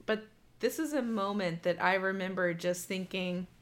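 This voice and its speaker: A woman's voice: mid-range voice, normal speed. A woman telling a story in a casual chat, candid and laughing as she talks, swearing freely.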